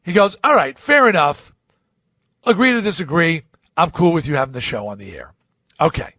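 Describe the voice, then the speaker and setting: A man's voice: on the high side, sing-song, normal speed, pushed and bright, no room sound, studio quality. A man hosting a podcast, telling a long story in a blunt, profane way and acting out both sides of past conversations. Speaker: podcast host. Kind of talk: storytelling monologue.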